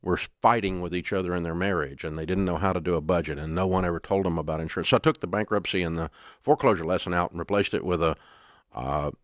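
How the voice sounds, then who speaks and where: A deep-voiced man tells folksy, animated stories as an interview guest. His voice sounds dry and close, with no room echo. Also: fast talker. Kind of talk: casual interview storytelling.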